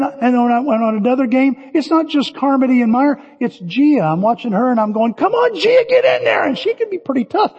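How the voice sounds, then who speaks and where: An older man preaching in a high, husky voice. He tells stories with lively energy, and his words ring with long reverb through a hall, captured on dull, lo-fi audio. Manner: animated storytelling, shouting cheers in quotes. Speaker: pastor. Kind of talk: sermon.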